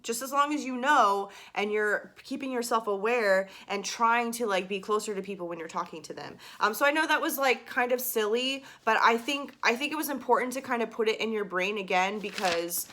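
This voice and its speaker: A woman's voice: on the high side, a little fast, hardly any pauses, pushed and bright. A young woman giving a casual singing lesson to camera, chatty and full of fillers and asides. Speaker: singing teacher.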